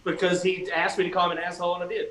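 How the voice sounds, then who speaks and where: Animated man telling a story, echoey room. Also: high voice, rapid-fire. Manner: animated storyteller, swearing, acting out quotes. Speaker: guest musician. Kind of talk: casual storytelling on a livestream. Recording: echoey room with faint ambient noise.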